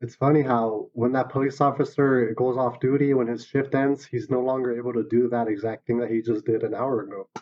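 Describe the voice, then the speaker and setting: Host: man, mid pitch, dull lo-fi sound, casual interviewer. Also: steady tone, a little fast, few pauses, a little mellow. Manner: asks leading questions, short agreeing interjections. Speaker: podcast host.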